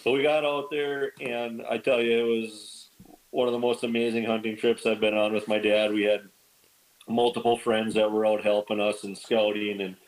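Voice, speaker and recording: A man guest on a podcast, telling stories in casual chat, lively and animated, acting out quoted lines with big jumps in pitch. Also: moderate pace, low-quality recording. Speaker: podcast guest, bird dog kennel owner.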